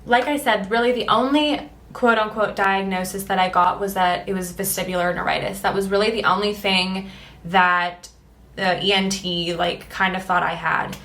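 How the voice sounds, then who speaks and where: A woman's voice: medium pitch, moderate pace. A young woman vlogging her personal testimony, earnest and emotional, acting out what she and others said. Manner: earnest and emotional, quotes herself and others in lively voices. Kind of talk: personal storytelling. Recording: echoey room.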